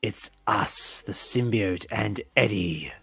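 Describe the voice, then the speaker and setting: A man voicing a menacing alien symbiote in a hushed, breathy whisper while reading a comic aloud. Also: lowish voice, slow pace, dry recording, full character voice. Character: menacing alien symbiote, male, merged with host.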